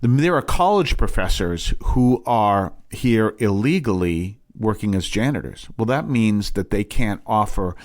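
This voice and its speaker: A man's voice: fairly low pitch, lively intonation, unhurried, hardly any pauses. A man, a priest hosting a broadcast, teaching in a rambling, emphatic way with many restarts and asides. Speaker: priest and show host.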